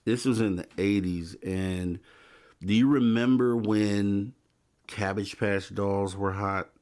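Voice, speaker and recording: A man's voice: on the low side, steady tone, slow pace, darkish tone. A man in his forties hosting a late-night call-in show, chatting casually and hedging as he recalls things. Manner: rambling, hedging his own memories. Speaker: show host. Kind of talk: casual radio chat.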